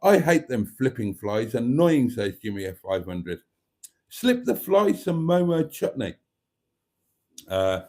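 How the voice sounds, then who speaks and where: A man's voice: lowish voice, darkish tone. A man hosting a casual live stream from home, reading viewer comments aloud in a chatty, cheeky, rambling way into a phone. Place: home, indoors.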